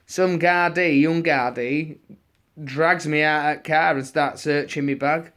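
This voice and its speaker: A man with an English accent, his voice sitting a touch high for a man. He rambles through a casual story, stumbling over restarts and dropping slang as he goes. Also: steady tone, unhurried, fairly bright tone. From England. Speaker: person answering audience questions.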